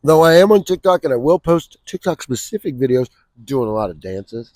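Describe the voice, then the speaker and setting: A man in his forties, a comedian guest in casual comedic chat outdoors at a backyard grill, joking and bursting into loud shouted bits. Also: mid-range voice, animated, a little fast, dry recording. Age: 40s.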